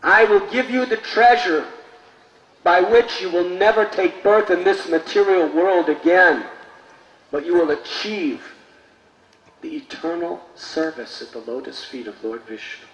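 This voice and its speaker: A man playing an impassioned male saint who calls out loudly to a crowd with fervent compassion. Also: fairly high pitch, lively intonation, unhurried, muffled recording, voice pushed up. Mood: fervent proclaiming. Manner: fervent, loud, pleading. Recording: echoey, distant mic, faint noise.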